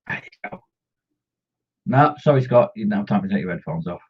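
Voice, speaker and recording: Husky, lively man chatting. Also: on the low side, brisk. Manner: jokey and teasing, chatty banter with viewers. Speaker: host of a model-painting live stream. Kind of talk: casual live-stream chat, reading out comments. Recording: dull lo-fi stream audio.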